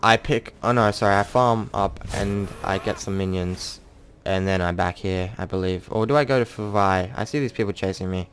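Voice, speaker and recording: Over footage of his own match, a young man jokes at his own expense and reenacts his in-game quotes in a chatty way. He speaks at a moderate pace in a deep voice, with slight background noise.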